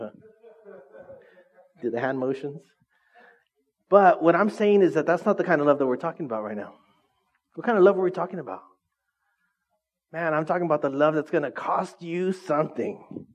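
A man's voice: fairly high pitch, a little mellow, lo-fi sound. A middle-aged man preaching a casual sermon as lead pastor of a small church, conversational and self-deprecating, often checking in with the congregation.

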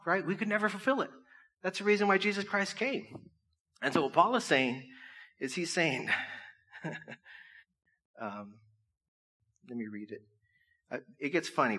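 A man's voice: a little high, sharp tone. A man preaching a casual, joking sermon, often asking the listeners questions. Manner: conversational, jokey, asks the crowd questions. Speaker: pastor.

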